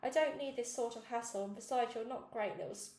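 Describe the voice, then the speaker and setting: A woman's voice: a little high, fast talker, darkish tone, reverberant, lightly acted. A woman reading aloud, voicing a pushy, dismissive male TV director who calls children sweetie. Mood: brisk.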